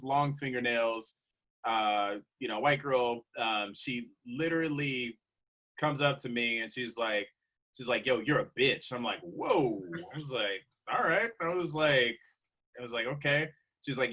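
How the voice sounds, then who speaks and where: Bright-voiced comedian telling stories. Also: male voice, mid-range voice, measured pace. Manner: animated, laughing storyteller. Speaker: comedian guest. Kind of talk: casual storytelling chat.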